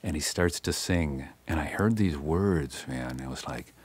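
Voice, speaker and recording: A middle-aged man telling his story as spoken word, animated, acting out dialogue with big jumps in pitch and saying "man" often. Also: a little slow, few pauses, breathy edge.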